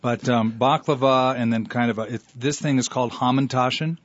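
A man's voice: mid-range voice, steady tone, fairly quick, no room sound. A man who is a pastor, chatting and teasing on a radio show. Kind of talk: casual radio chat. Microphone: studio microphone. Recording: dull lo-fi radio studio.

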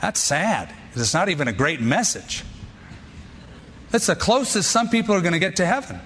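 A pastor delivering a sermon in short, emphatic, punchy lines. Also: male voice, high-pitched, very animated, moderate pace, fairly bright tone, long reverb tail, slight background noise.

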